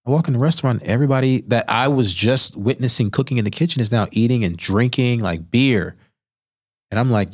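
A chef appearing as an interview guest tells stories in a podcast studio, speaking into a studio microphone with a brisk, mid-range voice. He is an animated storyteller who acts out the voices of people he quotes.

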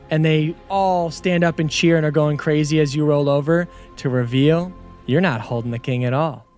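A young man with a slightly high voice narrates a tabletop game as game master, upbeat and animated. Light music plays underneath. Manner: enthusiastic, laughing, animated.

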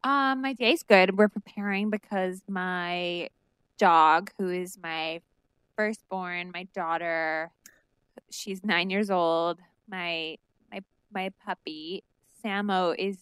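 A woman's voice: on the low side, takes it slowly, a bit bright, clear, resonant tone, no echo. A woman co-hosting a podcast in casual chat, frank and blunt, swearing casually. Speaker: podcast co-host.

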